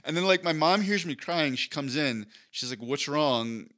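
Bright-voiced man telling a story. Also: normal speed. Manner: animated, acts out his childhood self in a high voice. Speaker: podcast co-host. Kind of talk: casual storytelling chat.

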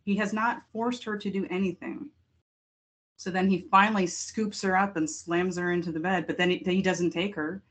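A woman co-hosting a casual film podcast, telling her views in an animated, expressive way. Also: lowish voice, normal speed, husky. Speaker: podcast co-host. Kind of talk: casual discussion.

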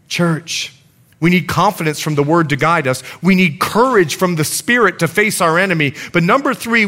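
A man preaching a sermon to his church, telling stories and reading scripture with emphatic, animated delivery. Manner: animated storytelling preacher, emphatic swings in pitch. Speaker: pastor.

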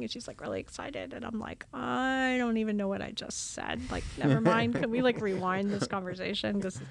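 A religious sister telling her vocation story in a casual, animated way, acting out old conversations. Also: mid-range voice, brisk, vocal fry, hardly any pauses. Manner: animated, acts out her own past dialogue with laughs.

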